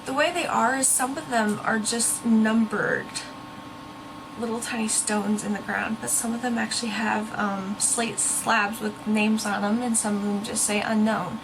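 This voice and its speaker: A young woman who hunts ghosts on her vlog chats casually and earnestly to her viewers, pausing now and then to find a word. Her voice sits a little high, with fairly even intonation and a slightly slow pace. There's noise in the background.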